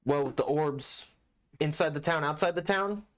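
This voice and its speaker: A man speaking as a player in a tabletop game in a relaxed, matter-of-fact way. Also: fairly high pitch, unhurried. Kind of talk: casual tabletop play.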